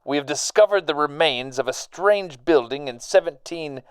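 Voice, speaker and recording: A man playing an excitable, bumbling 18th-century excavation leader who stumbles over his words and whose accent keeps slipping. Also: on the high side, moderate pace, clean tone, no echo, close to an everyday voice. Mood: eager. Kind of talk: comedy sketch acting.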